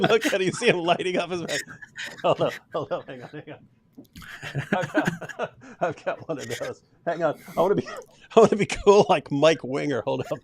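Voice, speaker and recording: A man's voice: fairly high pitch, lively intonation, normal speed, long pauses. A man hosting a live stream, chatting casually, who mocks and laughs often. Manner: mocking, laughs often, restarts sentences.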